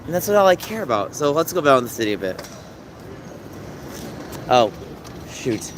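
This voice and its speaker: A man's voice: medium pitch, very animated, moderate pace, rough recording. A man in his thirties livestreaming on city streets at night, chatting casually and emotionally with viewers as he reads their comments. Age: 30s. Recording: street noise behind. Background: city traffic noise.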